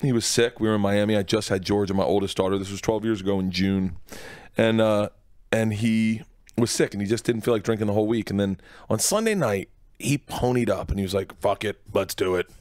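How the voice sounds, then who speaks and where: Excitable rambling male comedian. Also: lowish voice, brisk. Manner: rambling, excitable, restarts often. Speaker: comedian guest. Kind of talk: casual interview storytelling. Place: radio studio.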